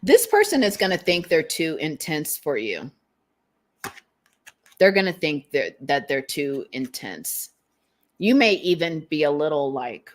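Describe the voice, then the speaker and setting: Speaking a little slowly, this tarot reader has a low voice with big swings in pitch, picked up by a streaming mic. Her collective reading is casual and meandering, full of laughter and sentences that fade out while she searches for the right word.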